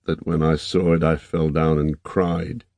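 A man voicing a worn-out, despairing young man who speaks softly and haltingly, in audiobook narration. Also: a bass voice, little pitch movement, creaky, dry recording, full character voice. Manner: soft, halting, under the breath.

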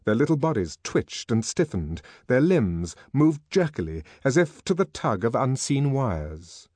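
A man reading an audiobook as narrator, in measured, expressive scripted storytelling. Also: medium pitch, no room sound, clean studio sound.

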